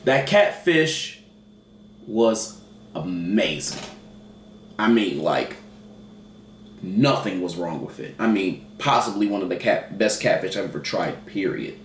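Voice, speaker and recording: A man co-hosting a casual food review, talking in an animated, playfully dramatic way. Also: low-pitched, moderate pace. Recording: roomy and distant with faint noise.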